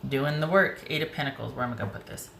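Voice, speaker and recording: Low-voiced emotional woman tarot reader. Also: fast, creaky. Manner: chatty, emotional, thinking aloud. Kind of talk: casual tarot reading. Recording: roomy with faint hiss.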